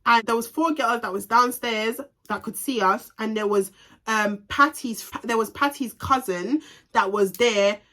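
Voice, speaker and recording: A young woman telling a heated storytime, animated and swearing freely. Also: a little high, a little slow. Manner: animated, heated and expletive-laden. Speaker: vlogger. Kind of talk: storytime vlog.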